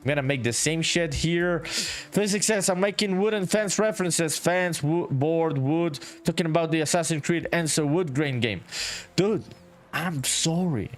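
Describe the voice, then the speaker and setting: A man's voice: fairly high pitch, normal speed. A man from Honduras, chatting casually on a game-development livestream, reading viewer messages aloud and saying "dude" a lot. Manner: laid-back, reads viewer chat aloud, says "dude" often. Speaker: indie game developer streaming. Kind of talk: casual livestream chat while working.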